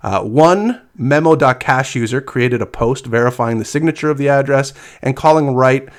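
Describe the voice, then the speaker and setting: A man's voice: mid-range voice, moderate pace. Casual man reading news with many fillers. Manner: reads news aloud with many "uh" fillers, laughs easily. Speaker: podcast co-host reading crypto news.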